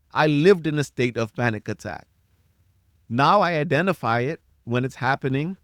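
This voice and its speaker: A middle-aged man hosts a solo podcast, ranting passionately and preachily straight at his listeners and repeating his points for emphasis. His pitch is fairly high, and the clean studio sound has no room echo.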